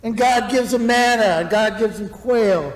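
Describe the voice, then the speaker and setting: A high-pitched male pastor preaching with lively, animated delivery. His voice rings out in a roomy hall with a long echo behind it. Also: a little slow. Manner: animated, acts out grumbling voices. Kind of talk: sermon.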